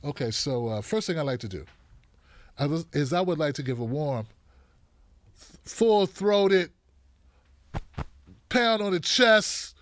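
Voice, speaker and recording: A man with a rather high voice hosts a live stream, chatting loosely and playfully with his viewers. His throat is dry and he keeps clearing it. The sound is dry and close, with no room echo. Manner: lively and animated, playful asides to viewers. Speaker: host of a live online show. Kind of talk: casual live-stream chat, greeting viewers.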